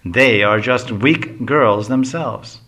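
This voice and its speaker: A man's voice: mid-range voice, slow pace, sharp tone, husky, heavily acted. A man voicing a boastful, hungry young male Brahmin jester who whines and pleads indignantly.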